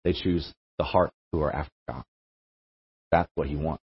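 This young man has a bass voice, husky and steady in tone, at a moderate pace. Speaking for a campus ministry, he gives a conversational sermon to a campus group and repeats words while thinking aloud. The sound is dull and lo-fi, with hall echo.

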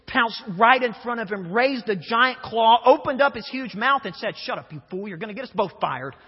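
A young male preacher with a high, husky voice tells stories in an animated way, often doubling his words as he goes. He is recorded in an echoey church hall, and the sound is dull and muffled. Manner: animated storyteller who often repeats words. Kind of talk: sermon with humorous storytelling. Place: church sanctuary.

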